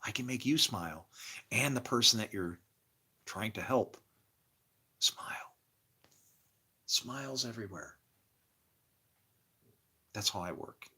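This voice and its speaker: An older man hosting a casual livestream, rambling, emotional and laughing often, swinging between loud and quiet. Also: fairly low pitch, lively intonation, slow pace, long pauses, breathy edge. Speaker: livestream host.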